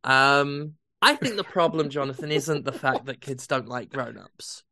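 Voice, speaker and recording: Gravelly man in deadpan mock therapy. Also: medium pitch, measured pace, dry recording, studio quality. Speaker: comedy podcast co-host. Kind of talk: improvised comedy chat.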